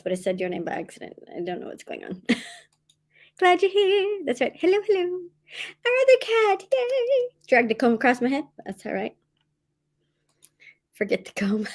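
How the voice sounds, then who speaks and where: A woman hosting a casual livestream, reading out viewer comments from home, laughing often and going high-pitched when excited. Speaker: livestream host of writing sprints.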